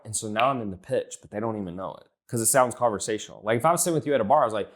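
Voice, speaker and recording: A man's voice: medium pitch, expressive, racing, few pauses. A young man giving blunt, casual coaching on sales, swearing easily and acting out text messages in a lifted voice. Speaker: business coach.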